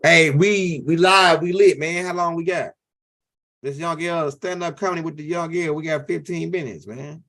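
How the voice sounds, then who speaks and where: A high-pitched man from tells a loose, rambling stand-up story. He circles back, repeats lines and keeps asking "right?" as he talks. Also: fairly even intonation, moderate pace, a bit bright. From Louisiana. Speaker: comedian.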